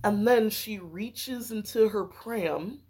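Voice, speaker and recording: A woman's voice: mid-range voice, slow, darkish tone. A woman telling a true crime story in casual podcast chat, with lots of "like" and "um". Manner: chatty, sprinkles "like" and "um".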